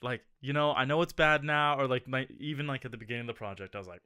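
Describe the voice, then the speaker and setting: A man with a bright, forceful voice co-hosts a loose podcast chat. He rambles and jokes, piling on fillers as he goes. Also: medium pitch, quick pace, clean tone. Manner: joking, rambling with many fillers. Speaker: podcast co-host. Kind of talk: casual chat.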